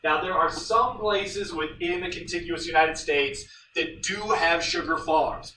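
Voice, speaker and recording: A man's voice: a little high, measured pace, hardly any pauses, roomy sound, recorded from a distance, slight background noise, low-quality recording. A male history teacher lecturing his class, telling stories and acting out the voices he quotes. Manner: animated storyteller, acts out quoted voices. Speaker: high school history teacher.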